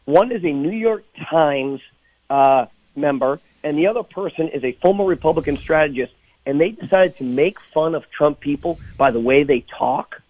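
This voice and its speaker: A man's voice: on the high side, normal speed, dry recording, dull audio. A man speaking as a guest on a radio talk show, indignant and emphatic. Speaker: political guest. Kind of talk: phone-in radio interview.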